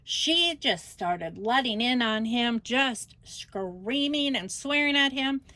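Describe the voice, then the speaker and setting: This grandmother's voice leans high and unhurried as she hosts her scrapbooking vlog, wandering animatedly through the story of a family quarrel. The recording is dry.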